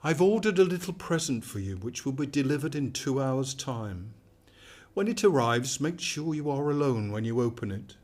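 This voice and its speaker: An actor playing a sinister, controlling male AI companion who talks in a calm, soothing, manipulative way in a radio drama. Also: medium pitch, moderate pace, close to an everyday voice. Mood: coaxing.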